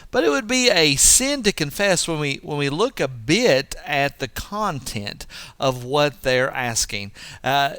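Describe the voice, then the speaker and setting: A man giving a devotional Bible teaching in an earnest, lively way, acting out the quoted lines. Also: no room sound. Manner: earnest, lively, acts out quotes with rising pitch. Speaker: preacher.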